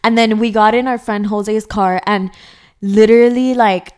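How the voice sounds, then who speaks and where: A young woman co-hosting a podcast, telling a story in a lively, casual way and swearing a lot. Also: mid-range voice, moderate pace, crowd noise. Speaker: podcast co-host.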